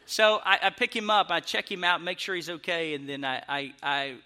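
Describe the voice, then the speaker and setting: A young adult man tells a stand-up story, laughing and mocking himself as he goes. His voice sits fairly high. His tone is very bright and sharp. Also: moderate pace. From Arkansas, US. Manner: animated, laughing, self-mocking. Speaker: comedian.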